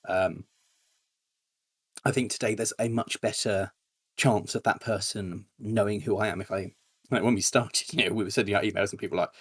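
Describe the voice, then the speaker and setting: Husky low-voiced man, animated. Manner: animated storytelling, jumps to high-pitched impressions. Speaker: YouTuber guest. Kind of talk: casual interview chat.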